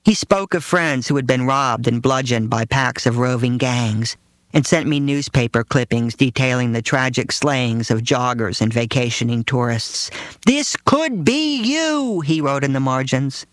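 A man reads his first-person memoir in a dry, matter-of-fact way, at an even middle pitch. He is close to the mic in a dead, echo-free studio. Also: normal speed. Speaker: narrator reading his own memoir.

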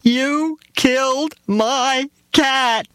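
A man voicing a bratty young girl who wails her words in a drawn-out way. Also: fairly bright tone, smooth, no echo, clean studio sound, heavily acted. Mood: wailing. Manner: high wailing, drawn out.

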